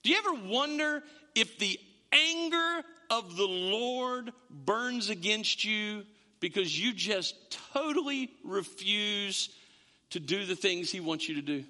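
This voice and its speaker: A male pastor preaching a sermon in a church, animated and often restarting his sentences. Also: high voice, takes it slowly. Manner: animated, self-interrupting storyteller. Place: church sanctuary, also streamed online. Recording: long reverb of a church hall.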